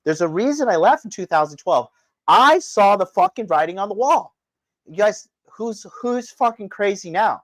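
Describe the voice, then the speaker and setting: A man's voice: high-pitched, lively intonation, normal speed, a bit bright, no echo. A man hosting a livestream, delivering a profane, combative rant and talking straight to his chat. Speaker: livestream host. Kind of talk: ranting livestream commentary.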